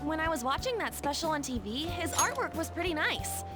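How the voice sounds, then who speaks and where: An upbeat teenage schoolgirl in a video game chats in a very high, bouncy voice. Her tone is friendly and lively. Loud game music plays behind her. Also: brisk.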